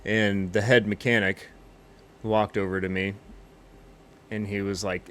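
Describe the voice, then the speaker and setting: A man's voice: lowish voice, little pitch movement, unhurried, pauses often, a bit bright, slight background noise. A man rambling through a cocky, boastful comedy monologue as a pilot character in a flight game.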